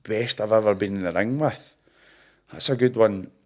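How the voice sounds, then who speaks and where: Low-voiced Scottish boxer in his thirties. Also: moderate pace. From Scotland. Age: 30s. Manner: chatty storyteller, laughs at himself, broad slang. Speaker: professional boxer. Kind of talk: casual interview chat.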